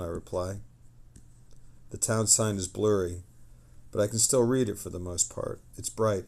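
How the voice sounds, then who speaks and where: Low gravelly guy streaming, reading lore out loud, gets excited and rambles between bits. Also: measured pace, long pauses. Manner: excitable, chatty asides between read passages. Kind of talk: casual lore reading on a livestream.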